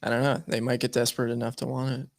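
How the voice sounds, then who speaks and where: A man's voice: mid-range voice, monotone, fast talker, no echo, clean studio sound. A man co-hosting a podcast, trading sarcastic jokes in casual chat. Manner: sarcastic, joking banter. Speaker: podcast co-host.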